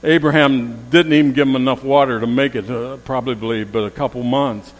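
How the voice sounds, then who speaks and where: A man's voice: mid-range voice, fairly even intonation, brisk. Man preaching in a reverberant hall. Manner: storytelling, acts out quoted voices, rising emphasis on repeated phrases. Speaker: pastor. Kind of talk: sermon.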